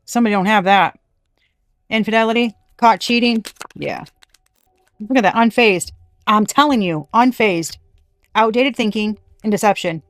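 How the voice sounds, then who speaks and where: Lady reading tarot cards, cussing a lot, pretty dry sound, mid pitch. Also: normal speed, pauses often, no room sound, soft background music. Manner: blunt, profane, animated. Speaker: tarot reader.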